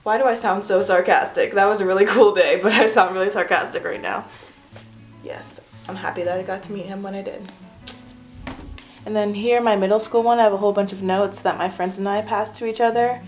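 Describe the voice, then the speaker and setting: A young adult woman gives a casual, self-mocking tour of her home art studio, chatty and giggly. Her mid-range voice has fairly even intonation and runs a little fast. The room is echoey, with faint music in the background.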